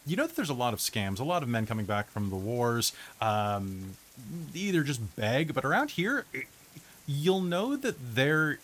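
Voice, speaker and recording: A man running a tabletop role-playing game as game master, narrating in a relaxed, chatty way with frequent fillers. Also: medium pitch, normal speed.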